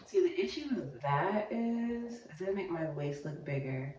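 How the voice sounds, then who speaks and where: Low, slow woman in a roomy space. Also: big pitch swings. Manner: self-doubting, talking to herself, drifting into quiet mutters. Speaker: sewing vlogger. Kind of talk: casual vlog narration while working. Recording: roomy, from a distance, faint noise.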